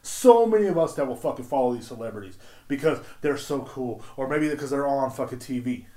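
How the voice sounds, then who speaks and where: A man's voice: mid-range voice, animated, brisk, warm tone. A man hosting a solo podcast, ranting in a heated, rambling and profane way. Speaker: podcast host.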